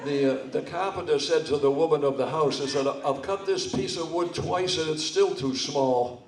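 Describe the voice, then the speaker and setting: A man's voice: a little high, distant mic, a crowd in the background. Older man telling jokes in an echoey hall. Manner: slow, halting delivery with restarts. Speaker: amateur comedian at a charity comedy night. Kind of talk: stand-up joke telling. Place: hall with a live audience. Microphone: stage microphone, speaking from a distance.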